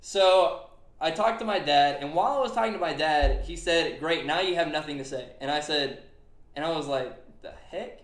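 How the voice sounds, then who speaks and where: A man's voice: fairly high pitch, normal speed. A young man hosting a casual podcast, earnestly retelling a conversation with lots of fillers. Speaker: streamer and podcast host. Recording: echoey room.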